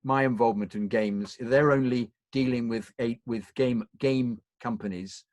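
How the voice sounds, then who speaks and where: A middle-aged man, a voice actor, chatting in a relaxed Q&A over a video call, talking haltingly with many fillers and restarts. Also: mid-range voice, no echo. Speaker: guest voice actor. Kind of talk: casual Q&A chat.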